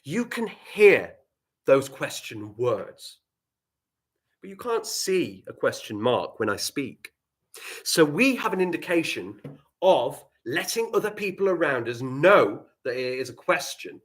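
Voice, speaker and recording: An English man teaching a live online writing lesson to primary school children, playful and animated, with quiet asides. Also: on the high side, measured pace.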